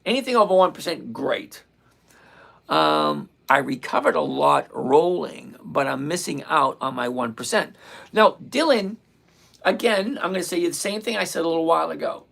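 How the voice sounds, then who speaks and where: A middle-aged man hosting a live trading stream, answering chat questions bluntly and repeating points slowly. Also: a little high, expressive, creaky, a bit bright. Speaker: stock trading livestream host.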